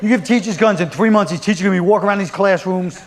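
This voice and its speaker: A man's voice: high voice, rapid-fire. A man doing stand-up comedy, riffing in a rambling, profane, sardonic way and acting out quotes.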